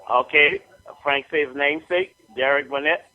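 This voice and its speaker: Excitable radio host. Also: male voice, on the high side, normal speed, highs cut off. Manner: excitable, emphatic, opinionated. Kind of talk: sports talk radio banter.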